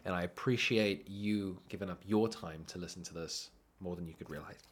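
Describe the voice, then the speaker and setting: A man's voice: low-pitched, normal speed. A man who is sick, hosting a podcast and telling a story in a casual, laughing way. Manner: animated, laughs through his own story. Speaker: podcast host.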